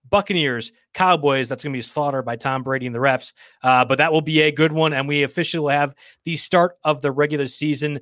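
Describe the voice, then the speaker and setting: A man's voice: fairly high pitch, fairly even intonation, fairly quick, hardly any pauses, a bit bright, no echo, studio quality. A man hosting a sports podcast in casual chat, upbeat as he steers the talk and signs off. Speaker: podcast host.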